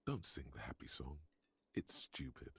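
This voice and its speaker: Deep, gravelly, wry video game narrator; dry delivery. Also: male voice, sing-song, moderate pace, heavily acted. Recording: game audio with faint music behind.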